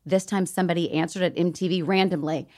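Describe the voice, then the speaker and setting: A middle-aged woman from Atlanta with a Southern accent, telling stories as a guest in a casual interview, animated and laughing as she acts out quotes. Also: on the low side, fast.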